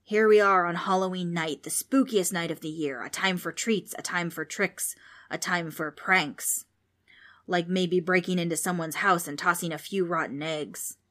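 A woman's voice: on the low side, steady tone, moderate pace, a bit bright, close to an everyday voice. A woman voicing a brash, boastful ghost with a folksy, mocking way of talking. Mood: taunting.

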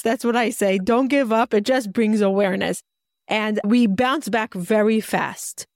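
A woman hosting an interview podcast, speaking at a middle pitch in an easy, chatty way. She relates what she hears to her own home life. Her voice sits close and dry on the mic. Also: darkish tone, no echo. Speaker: podcast host. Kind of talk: conversational interview.

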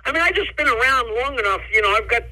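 A man telling jokes as a comedian guest on an interview, an animated storyteller who laughs at his own jokes. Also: extremely high pitch, fast, poor audio.

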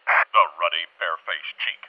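An actor playing a pompous British submarine captain with a put-on British accent and stuffy old-fashioned slang. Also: male voice, low-pitched, normal speed, highs cut off, noisy background, lightly acted. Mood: indignant.

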